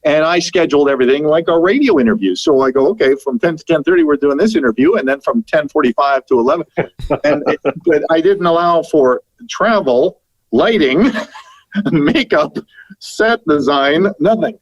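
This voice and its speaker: A middle-aged Canadian radio broadcaster telling lively anecdotes as a podcast guest, laughing and acting out what people said. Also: male voice, a little high, moderate pace, no room sound, muffled recording. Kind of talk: storytelling in a podcast interview.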